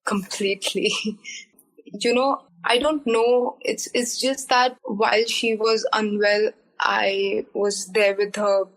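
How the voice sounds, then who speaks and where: A young woman talks on a podcast in a candid, earnest way, leaning on fillers as she goes. Her pitch is mid-height and stays fairly flat, with little rise and fall. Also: slow pace, low-quality recording. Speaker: guest. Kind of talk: podcast interview.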